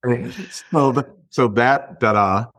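A man's voice: medium pitch, unhurried, fairly bright tone, dry recording. A man, an artist and gallery owner, chatting casually and telling stories with easy chuckles over a video call. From Chicago. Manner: laid-back, chuckling storyteller. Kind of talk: casual interview chat. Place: his gallery.

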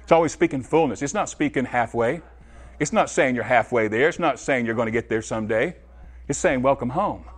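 A man preaching a sermon, animated, swinging from loud high bursts to low quiet asides, talking straight to his congregation. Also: fairly quick.

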